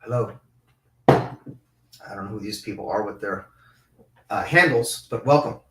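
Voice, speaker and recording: A man teaching a live-streamed Torah class, reading Hebrew passages and explaining them in English with lively, repeated restarts. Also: fairly low pitch, measured pace, roomy sound, far from the mic, heavy background noise. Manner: animated, with many repeated restarts.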